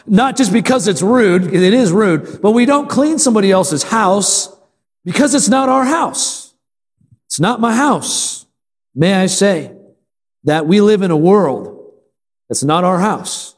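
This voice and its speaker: A man with a high-pitched voice preaches to his congregation, asking them questions and pausing for their replies. He repeats key lines for emphasis, and his voice rings out with a long hall reverb. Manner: call-and-response with the congregation. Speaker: pastor. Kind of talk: sermon.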